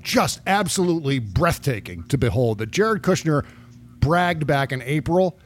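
Man, host of a casual talk show, sarcastic, pitch on the high side, very animated delivery. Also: moderate pace, slight background noise. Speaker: podcast host. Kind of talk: casual political chat.

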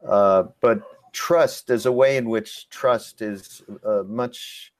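A man hosting a webinar Q&A, speaking reflectively and unhurriedly, often pausing to search for words. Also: fairly low pitch, dry recording. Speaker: host. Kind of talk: webinar Q&A conversation.

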